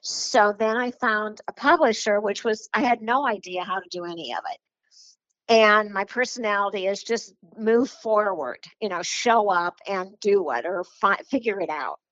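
A woman author chats in a loose, rambling way, full of fillers and small laughs. Her voice sits at a middle pitch. The recording is dull and dry, with little room sound. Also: normal speed, a bit bright, dry recording. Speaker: children's book author. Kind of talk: casual interview talk.

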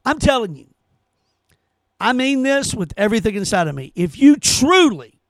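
A man's voice: very high voice, sing-song, normal speed, no echo, studio quality. A man hosting his own show, delivering a heated, profane opinion rant full of emphatic repetition. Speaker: podcast host.

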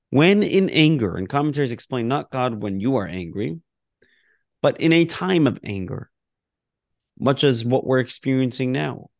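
Gravelly man teaching a prayer lesson. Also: mid-range voice, no echo, clean studio sound. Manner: conversational, reads prayers aloud with laughs and asides. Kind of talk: casual religious lesson.

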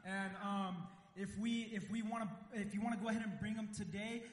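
A man makes a casual, joking church announcement and stumbles over his fillers. His voice sits high and rings with a roomy, long echo. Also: fairly even intonation, a little fast. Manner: joking, hesitant with many fillers. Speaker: church volunteer announcing youth events. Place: church sanctuary.

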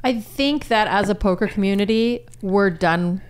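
Smooth-voiced female podcast co-host. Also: medium pitch. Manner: quick, teasing, confident opinions. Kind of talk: casual chat.

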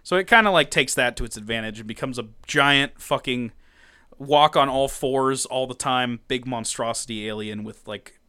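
A man co-hosting a podcast, recapping a comic in casual chat, animated, laughing often and swearing freely. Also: mid-range voice, moderate pace, smooth. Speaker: podcast co-host.

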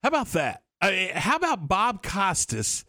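A man's voice: sits high, huge pitch swings, normal speed, pushed and bright, no room sound. Brief: male sports radio host, casual and rambling, dry studio mic. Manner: rambling, many restarts and fillers.

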